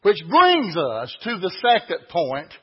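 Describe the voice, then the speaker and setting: A man preaching a sermon, folksy and emphatic, building to loud peaks. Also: sits high, huge pitch swings, takes it slowly, husky, dull audio.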